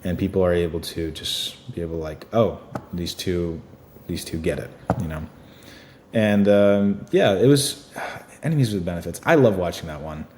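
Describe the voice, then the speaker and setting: Being interviewed as an actor, this man talks at normal speed in a low-pitched, darkish voice. His manner is casual, with plenty of fillers and relaxed laughs, and the room sounds echoey with a faint noise floor.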